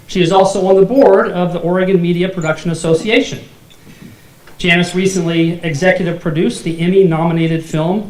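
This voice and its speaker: A high-voiced man emcees an awards dinner, reading out thanks and a guest's credits and slipping in jokes and chuckles along the way. His voice rings around an echoey banquet hall, with a faint hiss of noise behind it. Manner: jokey, laughs at own asides.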